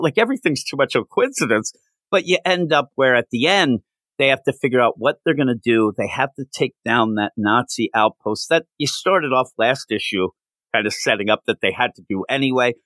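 A man's voice: mid-range voice, no echo. A man talks through a comic book in a loose, chatty podcast style, now and then putting on voices for the characters. His voice sits in a middle register, and the sound is dry and close. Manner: animated, acts out quoted characters. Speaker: podcast co-host. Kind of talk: casual comic book review chat.

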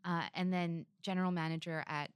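A woman's voice: fairly low pitch, fairly even intonation, brisk, clear, resonant tone, no echo. A woman hosting a podcast interview, listening attentively and recapping her guest's career. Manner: attentive, frequent short affirmations. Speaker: podcast host.

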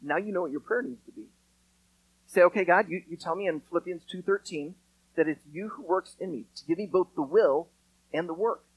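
A man preaching a sermon in a casual, conversational way, acting out quotes with lively storytelling. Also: high-pitched, fairly quick, husky, dry recording, poor audio. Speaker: pastor.

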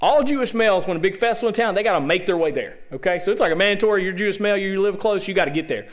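A man preaching a sermon in a lively, joking way, often tossing rhetorical questions to the congregation. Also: high voice, racing.

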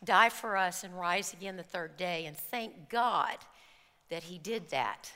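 A woman preacher telling an animated personal story in a sermon, acting out the scenes before turning to scripture. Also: fairly low pitch, unhurried. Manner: animated storytelling, acts out screams and quotes. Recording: reverberant hall.

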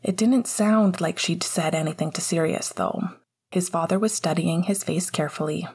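A woman narrating a novel chapter in a low, breathy voice. Her delivery is soft and often slips into a near whisper. The reading feels close and quiet. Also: normal speed. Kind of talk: audiobook reading of fiction.

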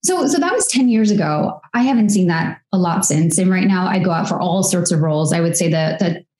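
A woman in her thirties talks through her experience in a relaxed interview. She is reflective and chatty, with plenty of fillers as she thinks aloud. Her voice sits low, and the room around her gives it a noticeable echo. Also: fairly quick. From United States. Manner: reflective, talkative, many fillers. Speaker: actress and guest. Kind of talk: casual interview conversation. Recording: echoey room.

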